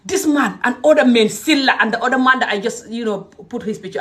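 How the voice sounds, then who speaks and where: A woman's voice: a little high, a little fast, a bit bright, far from the mic, slight background noise. A woman from Gambia, talking straight to camera in a passionate, scolding rant. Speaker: vlogger.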